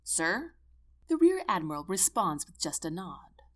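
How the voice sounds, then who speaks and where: Woman, audiobook narrator, first-person, expressive and earnest, lively pitch. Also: normal speed.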